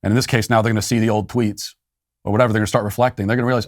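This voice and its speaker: A man's voice: lowish voice, little pitch movement, racing, dry recording, clean studio sound. A man hosting a commentary show, talking casually with sarcastic, wry asides. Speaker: podcast host.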